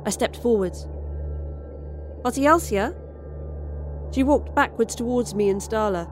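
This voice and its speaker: A woman narrates a first-person sci-fi horror story in a wry, dry manner. Her voice sits at a middling pitch and the telling is scripted and steady. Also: a little hiss or hum.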